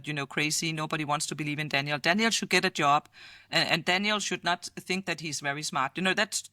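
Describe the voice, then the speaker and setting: A woman futurist guest from Denmark, telling lively stories and acting out quotes with frequent laughter. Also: fairly low pitch, no echo, studio quality. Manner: animated storyteller, acts out quotes, laughs often. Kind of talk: storytelling in conversation.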